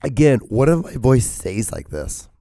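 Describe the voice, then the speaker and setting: Hoarse, cracking-voiced man rambling. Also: mid-range voice, big pitch swings, unhurried, warm tone, dry recording. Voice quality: cracking, strained. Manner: profane, rambling, full of fillers. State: hoarse, losing his voice. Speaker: podcast host. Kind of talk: casual rambling monologue.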